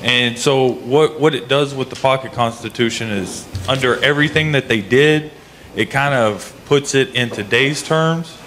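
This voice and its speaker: A man taking part in a public debate, reading aloud and explaining in an earnest, halting way. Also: medium pitch, a bit bright, a little hiss or hum. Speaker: debate participant.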